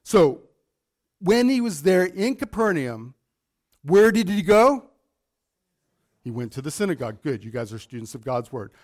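Higher-voiced pastor quizzing his congregation. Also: a little slow, long pauses. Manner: animated, quizzes the congregation with questions. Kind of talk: sermon with Bible teaching.

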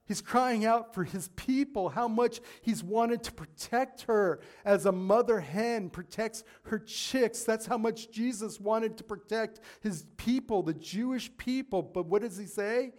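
Male pastor, sermon delivery, earnest with emphatic peaks, slightly high-pitched. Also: unhurried, few pauses, darkish tone. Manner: earnest, rising to emphatic peaks, with asides and paraphrases.

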